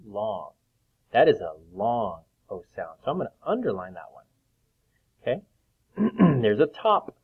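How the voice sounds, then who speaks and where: A man teaching a reading lesson to young children, speaking slowly and patiently, sounding out letters and often clearing his throat. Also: medium pitch, sing-song. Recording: tinny phone-like recording.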